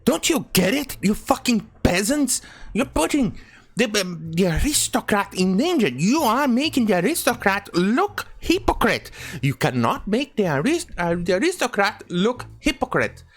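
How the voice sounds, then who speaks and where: A man's voice: high voice, sing-song, normal speed, heavily acted. A man voicing a haughty aristocrat who contemptuously scolds common people. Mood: scolding. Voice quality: mocking, contemptuous.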